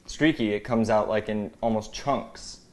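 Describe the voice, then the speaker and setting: A man's voice: fairly low pitch, unhurried, darkish tone. A man chatting casually in a cooking show, teasing the host and sharing food tips. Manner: teasing, conversational. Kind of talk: casual chat.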